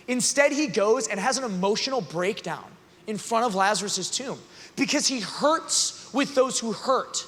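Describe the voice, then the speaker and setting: A man giving an earnest, conversational youth talk that builds to loud emphatic passages, recorded in a large arena hall. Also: sits high, animated, normal speed. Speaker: youth conference speaker. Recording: long hall reverb.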